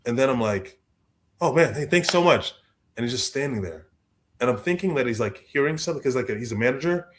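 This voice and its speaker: A young adult man, a guest author telling stories in a lively way, acting out the people he quotes. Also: mid-range voice, a little fast. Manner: expressive, acts out quoted voices, repeats words. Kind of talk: animated storytelling in conversation.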